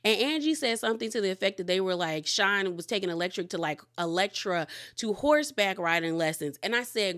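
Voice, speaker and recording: A woman hosting a podcast, recapping a reality show episode in a casual, rambling way that is full of "like" and candid asides. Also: mid-range voice. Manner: chatty, rambling, heavy use of "like"; candid and animated with quick asides.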